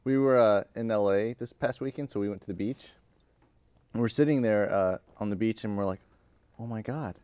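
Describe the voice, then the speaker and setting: A man in casual chat, telling a beach anecdote in an easygoing, halting way. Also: fairly low pitch, a little mellow, clean tone, no room sound.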